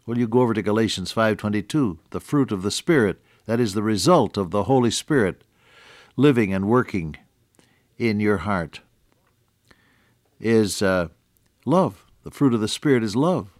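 Low-voiced guy teaching the bible on the radio, folksy, chuckles a lot, dry sound. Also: animated, moderate pace, long pauses, a little mellow, no echo.

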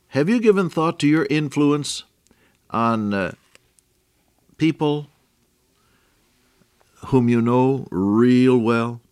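A man's voice: medium pitch, a little mellow, no room sound, clean studio sound. An older man teaching the Bible on the radio in a folksy, affectionate way that often breaks into a chuckle.

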